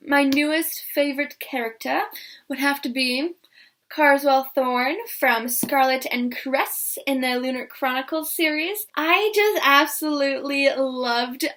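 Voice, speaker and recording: Young woman book vlogger, high and bright, gushing and excitable, casual chat. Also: a little slow. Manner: gushing and excitable, many repeated "I loved" and "like".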